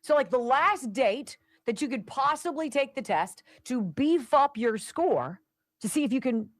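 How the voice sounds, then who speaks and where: Middle-aged woman talk host, rambling and animated, dry booth. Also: high voice, measured pace, dry recording. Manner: rambling, conversational, restarts and asides. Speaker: radio show host. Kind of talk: talk radio monologue.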